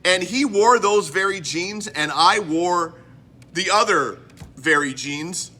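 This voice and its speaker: A man's voice: high-pitched, lively intonation, slow, bright, forceful tone. A man from Canada hosting a casual home vlog, rambling and joking at his own expense. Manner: rambling, self-mocking, jokey. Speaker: host.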